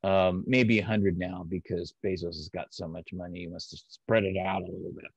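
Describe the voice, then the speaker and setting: A man's voice: deep voice, steady tone, fairly quick, creaky, slightly rough, no room sound. A man speaking as an interview guest, explaining ideas patiently and step by step in a conversational way. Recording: dry, slightly dull audio.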